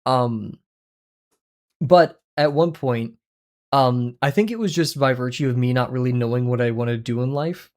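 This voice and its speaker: A man's voice: mid-range voice, moderate pace, a little mellow. A young man livestreaming while he draws, chatting loosely with viewers in a rambling, self-deprecating way. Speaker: drawing livestreamer. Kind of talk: casual chat while drawing on stream.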